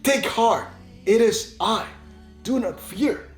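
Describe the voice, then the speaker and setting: A man voicing a calm holy teacher who speaks gently and reassuringly. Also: high-pitched, slow, roomy sound, soft background music, voice pushed up.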